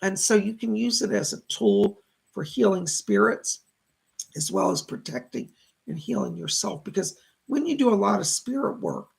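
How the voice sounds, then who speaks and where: A man's voice: sits high, vocal fry, slightly rough. A man hosting live-streamed psychic readings, relaying messages from spirits and thanking viewers for their donations. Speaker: psychic medium host.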